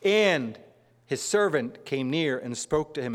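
A man's voice: on the high side, animated, takes it slowly. Preacher man in a reverberant hall. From northern New Jersey. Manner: conversational, asides, reads scripture aloud. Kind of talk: sermon. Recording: long reverb of a large hall.

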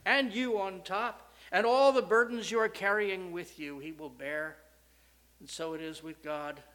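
A man preaching a sermon, swinging from loud, rising questions to soft, low statements with strong emphasis.

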